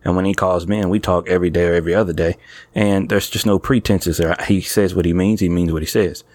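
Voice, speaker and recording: A man in casual conversation, talking thoughtfully and haltingly with many fillers. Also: low-pitched, steady tone, a little mellow, dry recording. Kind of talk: casual chat.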